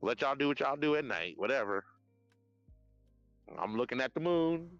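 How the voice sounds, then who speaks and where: A man live-streaming outdoors at night on his phone, chatting in a rambling, profane, animated way. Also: mid-range voice, normal speed, no room sound, muffled recording, faint music behind. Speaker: livestreamer. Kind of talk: casual live-stream chat.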